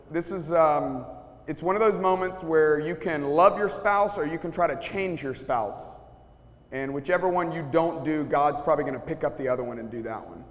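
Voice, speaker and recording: A pastor speaking casually to a live audience, telling stories and acting out what people said, with many restarts. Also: male voice, on the high side. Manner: storytelling, acts out quotes, many restarts. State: sweating, feels hot. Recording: long hall reverb.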